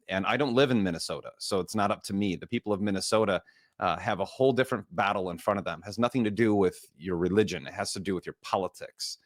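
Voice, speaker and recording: A man hosting a podcast interview, giving opinions in a rambling, measured way. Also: on the low side, dry recording, studio quality. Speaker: podcast host. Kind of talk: conversational interview.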